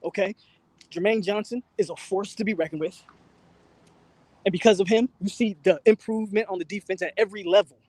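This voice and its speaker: Breathless, fired-up man with a high voice. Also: brisk, no room sound. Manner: excited, repetitive, slangy, out of breath. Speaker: channel host. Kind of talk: live fan reaction stream. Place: outdoors, windy.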